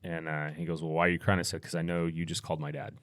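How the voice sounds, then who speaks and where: Middle-aged American man, very low voice, dry close sound, easygoing storyteller with restarts. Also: quick pace, no echo. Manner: relaxed, rambling anecdotal delivery with restarts. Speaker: podcast guest, firearms instructor. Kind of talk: casual storytelling in interview.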